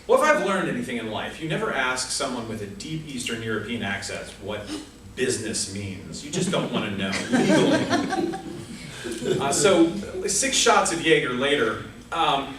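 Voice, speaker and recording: Lively storytelling man in an echoey room. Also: mid-range voice, moderate pace, recorded from a distance, noisy background. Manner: storytelling with comic asides. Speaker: speaker at a speaking club. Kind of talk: prepared humorous speech. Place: club meeting room.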